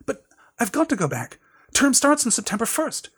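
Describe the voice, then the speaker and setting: A man's voice: very high-pitched, big pitch swings, moderate pace, fairly bright tone, husky, pitched above the performer's own voice, exaggerated voice. A man voicing an earnest, desperate young schoolboy wizard in a raised, urgent voice.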